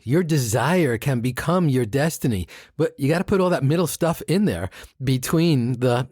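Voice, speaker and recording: A man co-hosting a podcast as a meditation teacher, teaching in a relaxed conversational way with rhythmic, playful delivery. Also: medium pitch, normal speed, hardly any pauses, no echo, studio quality. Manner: warm rhythmic chanting of mantras, playful asides.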